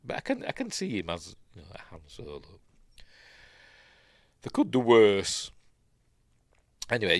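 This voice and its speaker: Lively low-voiced Yorkshire man. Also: normal speed, pauses often, no echo, studio quality. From Yorkshire, England. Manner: rambling, reads news and chat aloud with asides. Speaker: live stream news host. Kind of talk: casual live stream commentary.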